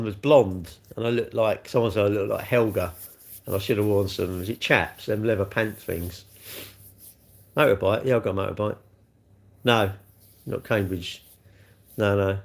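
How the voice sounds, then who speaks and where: A man's voice: lowish voice, moderate pace, gravelly, long pauses. A middle-aged man hosting a casual livestream, chatting and answering viewer comments with swearing and rhetorical questions. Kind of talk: casual chat.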